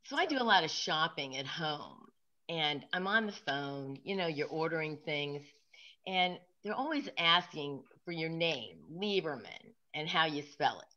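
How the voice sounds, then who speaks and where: A woman's voice: low-pitched, expressive, unhurried, bright, forceful tone, highs cut off. A woman comic doing a stand-up set of punny one-liners.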